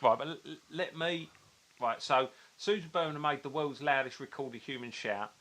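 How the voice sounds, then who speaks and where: A man co-hosting a podcast, telling stories and trivia in animated casual chat. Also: mid-range voice, moderate pace. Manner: animated storyteller, fond of teasing trivia. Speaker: podcast co-host.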